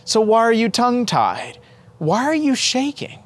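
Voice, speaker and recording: Dominic Savio, a gentle boy saint, as a man puts him on. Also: fairly high pitch, sing-song, unhurried, pitched above the performer's own voice. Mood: affectionate. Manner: earnest, kindly questioning.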